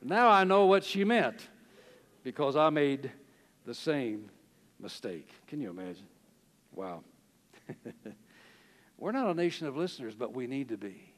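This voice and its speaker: A man's voice: mid-range voice, big pitch swings, unhurried, pauses often, fairly bright tone. A man preaching a sermon, telling stories, reading quotes aloud and chuckling often. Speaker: pastor. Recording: long hall reverb.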